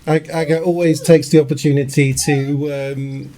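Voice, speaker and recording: A man's voice: on the high side, level tone, moderate pace, mellow, a little hiss or hum. A man from England chatting casually, rambling and hesitant, with many restarts. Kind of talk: casual chat.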